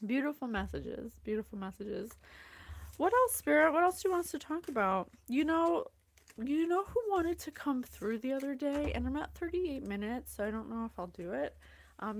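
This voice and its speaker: A woman's voice: a little high, no echo. A woman psychic host chatting through a casual livestream reading, effusive and gushing, greeting viewers by name. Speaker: psychic reader and show host. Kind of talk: casual livestream channeling talk.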